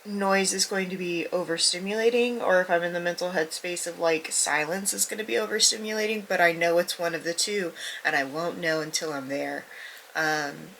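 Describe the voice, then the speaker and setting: Young female book vlogger, stuffy-nosed, bright edge to the voice, candid and self-deprecating, near-whispers at times. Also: lowish voice, steady tone, normal speed, gravelly, a little hiss or hum, rough recording. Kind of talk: casual vlog talk to camera.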